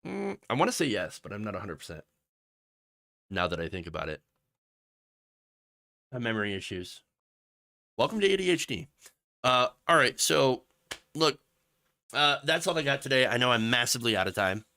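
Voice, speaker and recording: A man's voice: medium pitch, sing-song, normal speed, vocal fry, pauses often, pushed and bright. A man hosting a political commentary livestream, ranting with sarcasm and then rambling through viewer messages. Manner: impassioned, ranting, with sarcastic mock quotes; rambling asides with fillers, reads chat messages.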